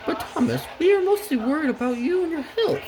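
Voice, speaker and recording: A woman doing Annie and Clarabelle, squeaky coaches. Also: expressive, a little fast, a crowd in the background. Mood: worried. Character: two chatty female coaches, young and fussing.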